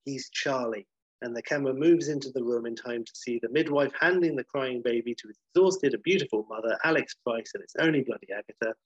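Rambling man, husky lo-fi sound. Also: medium pitch, fast talker, few pauses, dry recording. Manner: rambling, self-correcting, swears casually. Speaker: podcast host pitching a film idea. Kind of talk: casual storytelling, reading a script aloud.

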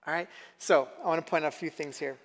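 A man's voice: a little high, fairly even intonation, fast, in a large hall. A man preaching a sermon in a conversational way, often asking the audience questions. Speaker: pastor.

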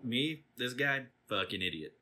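A man's voice: medium pitch, expressive, measured pace, pushed and bright. A man hosting a casual podcast chat, teasing his co-hosts and mocking himself. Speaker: podcast host.

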